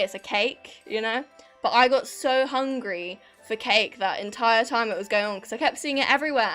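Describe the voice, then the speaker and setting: A woman's voice: on the high side, fairly bright tone. A young British woman streaming live, chatting casually and reacting to her chat. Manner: chatty and rambling, reacting to chat with frequent laughs. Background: faint background music.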